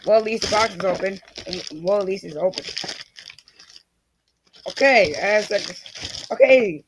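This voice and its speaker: A man's voice: sits high, expressive, measured pace, pauses often, a bit bright, a little hiss or hum. A man casually vlogging an unboxing, rambling and restarting his sentences as he talks to himself, his voice cracking now and then. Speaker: YouTuber.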